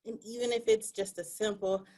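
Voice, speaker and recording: A woman's voice: medium pitch, normal speed. A woman speaking earnestly and with animation as a panelist in a discussion over a video call. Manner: earnest, animated, acts out quoted voices.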